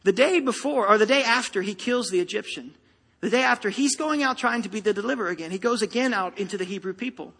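A man's voice: high voice, fast talker, a bit bright, slightly rough. A man preaching a sermon to a congregation, emphatic and rousing, speaking straight to the listeners. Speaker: pastor. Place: church sanctuary. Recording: long reverb of a large hall.

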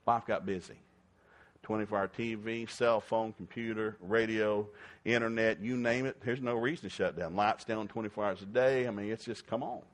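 An older man with a slightly low voice preaches in a folksy, storytelling way. He keeps the sermon lively, breaking into sudden emphatic bursts as he drives home his points. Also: normal speed.

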